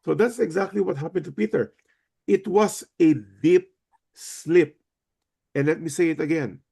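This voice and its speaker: A man with a Filipino accent leading a Bible study over a video call, speaking slowly and emphatically, repeating key points and putting questions to the group. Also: a little high, vocal fry, mellow, slightly rough. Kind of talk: online Bible study teaching.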